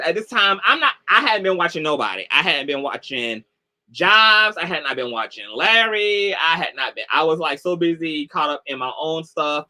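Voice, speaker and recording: A man commentator casually tells a story over a livestream call, his loose, chatty speech full of "like" and "y'all." His voice sits a little high and sounds pushed and bright.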